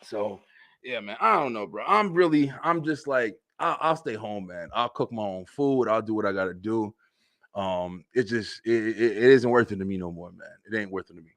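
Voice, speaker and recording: Speaking at a normal pace with no echo, this young web-show host spins casual comedic stories, swearing freely and laughing a lot. When he gets worked up, his animated voice jumps high.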